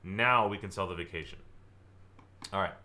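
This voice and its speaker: A man from Southern California giving a live online sales training, energetic and acting out client conversations to make his points. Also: sits low, normal speed. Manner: energetic, acts out client dialogue, exaggerates for effect.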